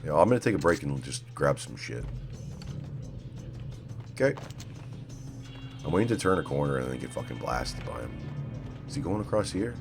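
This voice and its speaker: A man's voice: rumbling low, sing-song, normal speed, vocal fry, long pauses, music in the background. A young man giving casual gameplay commentary, muttering, frustrated and swearing a lot. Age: young adult. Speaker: gaming streamer.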